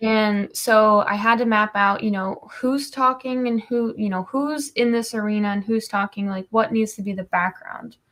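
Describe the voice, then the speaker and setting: A woman's voice: mid-range voice, steady tone, moderate pace, few pauses, a bit bright. A woman comic artist talking casually on a livestream, explaining her process with many ums and you-knows.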